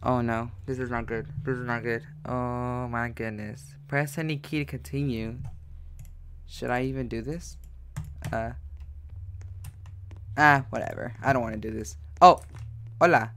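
A man's voice: mid-range voice, normal speed, fairly bright tone, faint music behind. A male gaming YouTuber giving jumpy horror gameplay commentary, repeating frightened exclamations.

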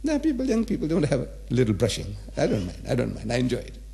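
A man's voice: medium pitch, wildly swooping pitch, fast talker, creaky, mellow. A man in his seventies giving a public religious lecture, emphatic and repetitive, asking the audience rhetorical questions. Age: 70s.

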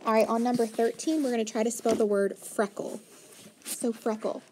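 A woman's voice: a little high, fairly even intonation, moderate pace, warm tone, a little hiss or hum. A woman teacher leading a phonics lesson for young children, sounding out letters one by one and giving frequent praise.

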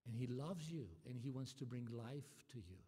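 Impassioned pastor in a reverberant church. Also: male voice, medium pitch, moderate pace, husky. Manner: impassioned, swings from soft to loud. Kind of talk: sermon. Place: church sanctuary. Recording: long hall reverb.

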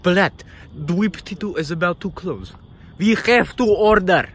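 A man's voice: high-pitched, unhurried, husky. A young man voicing a crude, mocking Russian prankster, talking in a put-on Russian accent and mixing in Russian swearing.

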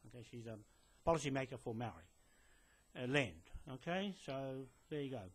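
A man's voice: medium pitch, lively intonation, normal speed, breathy edge. A man delivering a direct-to-camera message to a police detective indoors, rambling with many fillers and restarts, insistent and lecturing. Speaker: land claimant addressing a police detective. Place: indoors in a building.

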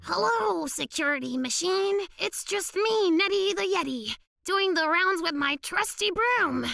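A woman voicing an eager female yeti filmmaker in a kids cartoon, talking in a lively, excitable way. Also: very high-pitched, a little slow, creaky, heavily acted. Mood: excited. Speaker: cartoon character. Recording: cartoon soundtrack with music.

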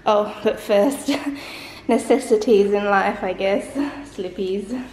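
A woman's voice: mid-range voice, steady tone, slow, a little mellow, reverberant, slight background noise, poor audio. A woman vlogger from Australia chatting casually to a handheld camera, giggly and self-mocking. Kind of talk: casual vlog chat. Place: at home and walking outdoors on a street.

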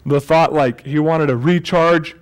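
A male pastor delivering a sermon in church, his voice sitting somewhat high for a man. He keeps it conversational and light, dropping jokes and fixing his own slips as he goes. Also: steady tone, unhurried, clean tone. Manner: conversational and joking, with self-corrections.

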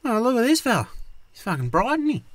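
A man voicing a crude, cheeky Australian bloke in a cartoon with a shrill, cockatoo-like voice, swearing constantly. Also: wildly swooping pitch, no room sound, exaggerated voice. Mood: excited. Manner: swears constantly, quick comebacks. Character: squawky wiry Aussie bloke, crude and cheeky. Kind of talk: animated cartoon voice acting.

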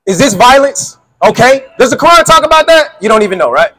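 High-voiced man preaching insistently. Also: very animated, fairly quick, a bit bright, poor audio. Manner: insistent, quizzing the listener and repeating questions. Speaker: street preacher. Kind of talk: street preaching with call-and-response.

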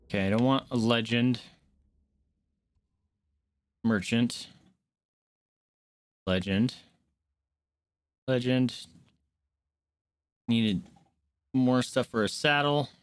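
A man streaming a game live, chatting casually with viewers and reacting out loud. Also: mid-range voice, slow, long pauses, clear, resonant tone, no room sound. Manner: chatty, greets chat, squeals when startled.

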